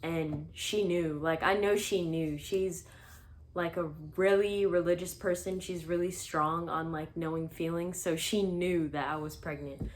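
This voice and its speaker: A young woman vlogger casually tells her own life story in a lowish voice, unhurried and fairly even. She's chatty, saying "like" a lot and laughing between sentences, with a little hiss or hum in the recording.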